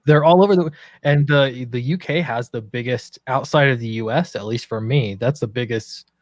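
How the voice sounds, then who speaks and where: A man's voice: medium pitch, normal speed. An easygoing man co-hosting a live stream, chatting casually and reading out questions from the chat.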